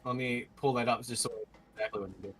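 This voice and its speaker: A man's voice: mid-range voice, fairly even intonation, racing, fairly bright tone, faint music behind. A man playing a tabletop game, earnest and nervous, reading rules aloud as he plays. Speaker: player. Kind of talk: tabletop game play, casual chat.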